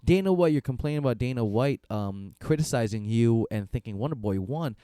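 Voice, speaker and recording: A man co-hosting a podcast in casual chat, agreeable and rambling, often backing his partner with quick yeahs. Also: mid-range voice, animated, mellow, clear, resonant tone, dry recording, clean studio sound. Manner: rambling, agreeable, lots of "yeah" fillers. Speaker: podcast co-host.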